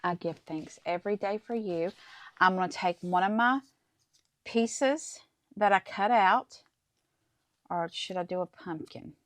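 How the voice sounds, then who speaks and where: A woman's voice: medium pitch, unhurried, long pauses, dry recording. A middle-aged woman hosting a casual craft tutorial, chatting to viewers as she works through each step. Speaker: crafting channel host.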